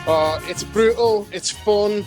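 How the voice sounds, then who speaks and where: A man's voice: high-pitched, slow, over music. A young Australian man doing a crude, rambling stand-up set and laughing at his own jokes. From Perth, Australia. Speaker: stand-up comedian. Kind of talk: stand-up set and backstage chat.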